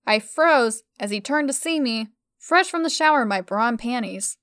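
A woman tells a first-person story at a slow, deliberate pace. Her voice sits a little high and sounds smooth and polished, recorded close and dry. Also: animated, a bit bright, no room sound.

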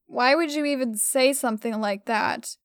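A woman's voice: normal speed, smooth, no room sound, studio quality, close to an everyday voice. A woman voicing a bratty, dramatic young woman who whines and shrieks. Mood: shrill. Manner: whiny and shrill.

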